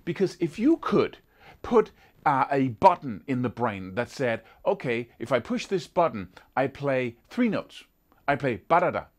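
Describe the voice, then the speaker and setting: A man teaching a guitar lesson in a casual, animated way, sometimes singing rhythms as syllables. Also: medium pitch, a little slow. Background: guitar playing.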